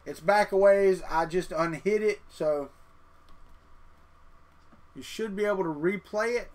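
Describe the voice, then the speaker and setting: A man's voice: high-pitched, a bit bright. A man hosting a casual live stream, chatting and muttering to himself as he clicks through settings. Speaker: livestream host.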